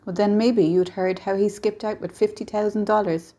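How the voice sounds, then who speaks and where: A woman's voice: mid-range voice, steady tone, normal speed, warm tone, natural voice. A woman voicing a talkative, folksy older male real estate agent in a small town.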